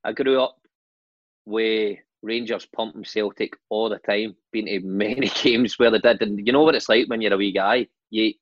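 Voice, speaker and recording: A Scottish man in his forties, a former footballer, telling animated anecdotes on a podcast with laughs and swearing. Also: lowish voice, no room sound, highs cut off. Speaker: guest, former footballer and manager. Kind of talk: casual storytelling chat.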